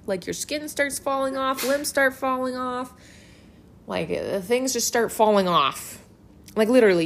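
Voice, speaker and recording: A woman's voice: medium pitch, a little hiss or hum. A woman giving a casual Bible lesson. She talks in a conversational, emphatic way and leans on filler words. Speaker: Bible teacher.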